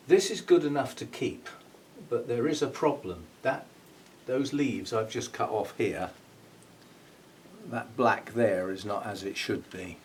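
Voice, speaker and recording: Poor audio and a distant mic capture a man with a fairly low voice, an orchid grower running his own channel. Working with his hands, he chats casually, thinks out loud and laughs at himself, while faint noise sits behind him off-mic.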